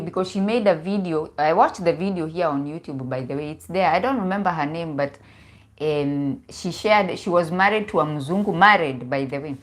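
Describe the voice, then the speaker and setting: Animated woman, low voice. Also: normal speed. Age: 40s. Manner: animated, mixes in Swahili, repeats words. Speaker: relationship coach. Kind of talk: casual livestream talk.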